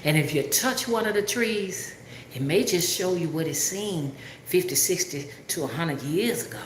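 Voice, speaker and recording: A woman with a thick Alabama drawl talks in a low, unhurried voice, wandering from point to point and checking that her listeners follow. She sounds like she's in an echoey room, with a faint hiss of noise under her voice. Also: expressive. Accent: Alabama Southern drawl. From Alabama, US South. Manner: rambling, drawling, asks listeners if they understand. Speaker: spiritual rootworker livestreamer. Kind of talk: casual livestream talk.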